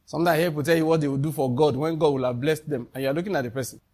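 A man preaches a sermon, fairly high in pitch. He is emphatic and keeps throwing questions out to the congregation. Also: steady tone, rapid-fire, a little mellow. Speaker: pastor.

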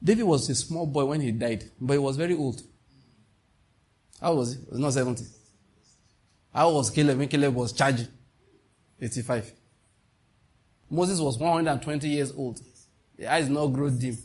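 A man's voice: medium pitch, normal speed, long pauses, darkish tone, breathy edge. A man with a Nigerian accent preaching a sermon with passion, slipping into pidgin asides. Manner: impassioned, mixing in pidgin asides.

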